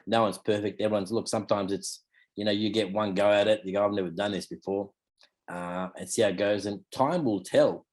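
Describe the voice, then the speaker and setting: In a casual interview, a fifty-something Australian man who teaches martial arts rambles along, using fillers like "you know" and "mate." His voice is lowish and has a darkish tone.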